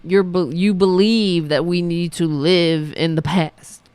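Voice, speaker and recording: A woman's voice: on the low side, fairly even intonation, slow pace, a little mellow, clear, resonant tone, no echo. A woman hosting her own podcast, ranting about politics in a sarcastic, profane, mocking way. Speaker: podcast host. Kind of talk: political commentary rant.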